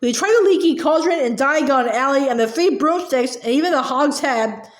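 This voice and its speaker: Give me a frightened, clever teenage girl witch, done by a woman, pleading and stammering, very high. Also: moderate pace, lightly acted. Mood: sobbing. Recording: roomy echo.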